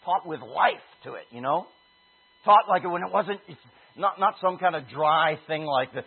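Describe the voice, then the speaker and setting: Male preacher, higher husky voice, animated storytelling, phone-quality audio. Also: moderate pace. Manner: animated storytelling, shouting out quoted calls. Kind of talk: sermon with personal story. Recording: husky voice over a tinny phone-like line.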